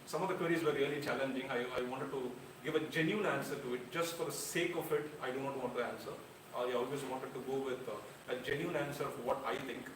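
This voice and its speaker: A man's voice: medium pitch, fast, hardly any pauses, a bit bright, a little hiss or hum. Earnest man speaking in an echoey room. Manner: earnest and frank, with light self-deprecating humor. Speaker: speech evaluator at a speaking club. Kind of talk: public speech at a club meeting. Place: air-conditioned meeting room. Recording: roomy, distant, with faint room ambience.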